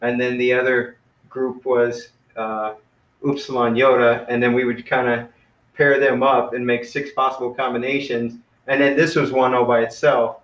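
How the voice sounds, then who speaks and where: Man, casual online teacher, laid-back friendly delivery, mid-pitched voice, echoey room over a video call. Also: moderate pace. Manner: relaxed, friendly, says "man" and "you know" often.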